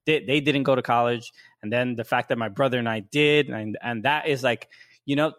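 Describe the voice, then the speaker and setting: Halting podcast co-host, dry sound. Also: male voice, mid-range voice, a bit bright, dry recording. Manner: halting, restarts often, supportive. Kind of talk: casual chat.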